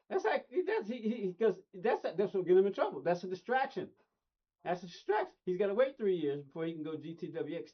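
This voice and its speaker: Middle-aged guy rambling to his stream chat, kinda high voice, muffled lo-fi audio. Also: very animated, brisk. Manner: rambling, chatty, talks straight to chat. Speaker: racing game streamer. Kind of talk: casual live-stream chat.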